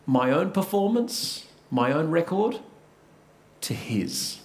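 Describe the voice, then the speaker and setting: Australian male pastor, high voice, unhurried earnest sermon storytelling, repeats words as he goes. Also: expressive.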